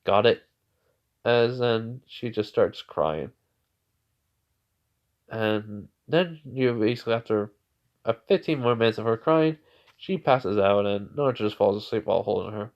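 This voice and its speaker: A man's voice: lowish voice, a little slow. Rambling man telling a fan story. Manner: rambling, many fillers and restarts. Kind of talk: improvised fan-fiction narration. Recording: dull lo-fi recording.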